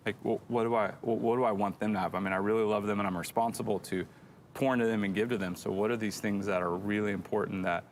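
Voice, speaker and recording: A man's voice: fairly low pitch, steady tone, fast, slight background noise. A middle-aged man co-hosting a church show, telling a rambling, self-deprecating story in casual chat.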